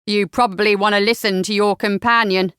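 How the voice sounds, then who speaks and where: A woman voicing a menacing male highwayman with a slow, commanding drawl. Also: steady tone, fairly bright tone, smooth, dry recording, studio quality, natural voice.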